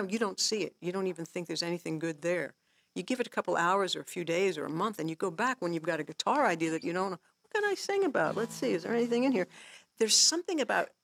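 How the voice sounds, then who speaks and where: Woman songwriter and teacher, slight fry in the voice, chatty and animated, laughs easily. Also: on the low side, dry recording. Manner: animated storyteller, acts out her own inner voice; laughs often while explaining. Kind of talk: casual workshop talk.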